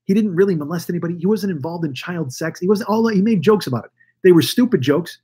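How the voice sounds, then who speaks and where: A man in his forties talks alone into the mic, swearing freely and circling back on himself mid-sentence. His voice sits a bit high for a man and has a husky, breathy edge. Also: animated, quick pace, mellow. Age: 40s. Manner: profane, rambling rant with restarts. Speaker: podcast host. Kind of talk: solo podcast monologue. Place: Los Angeles.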